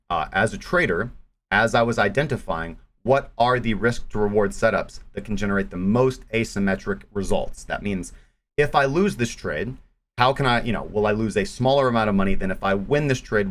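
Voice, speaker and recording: A man's voice: fairly low pitch, fairly bright tone. A man hosting a live stream and explaining trading strategy, talking in a loose way that repeats words and restarts phrases. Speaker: trading analyst host. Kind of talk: live stream market analysis.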